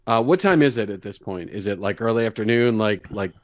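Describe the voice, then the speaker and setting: A man's voice: fairly low pitch, expressive, fairly quick, no room sound, studio quality. Man narrating his player's actions. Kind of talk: describing actions in a tabletop game.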